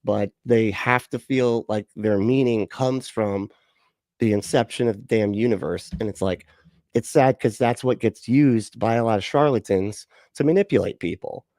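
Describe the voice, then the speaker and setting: A man's voice: fairly low pitch, moderate pace, a little mellow, no room sound. A man hosting a livestream, chatting casually, swearing, laughing and rambling with fillers. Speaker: livestream host.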